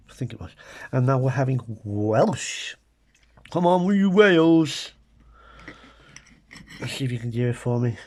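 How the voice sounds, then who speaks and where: Speaking in a mid-range voice with a darkish tone, this middle-aged man from Britain works as a food vlogger. He tastes food while chatting casually and comically to camera, slipping wry, muttered asides to his audience.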